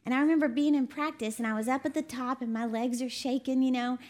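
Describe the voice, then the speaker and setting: A woman preacher who is also a ministry CEO gives a conversational sermon, telling folksy stories in a chatty manner and laughing often. Her voice sits high and is steady and darkish, and she talks fast.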